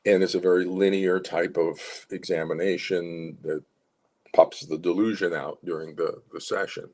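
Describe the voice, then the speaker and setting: A man's voice: low-pitched, little pitch movement, moderate pace, darkish tone. A man, a psychologist consultant, gives clients informal advice and coaching, explaining step by step and repeating key phrases.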